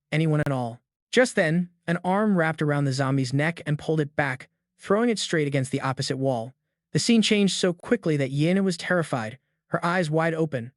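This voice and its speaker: A man narrating a scripted comic recap in a steady storytelling voice. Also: fairly high pitch, no echo, clean studio sound.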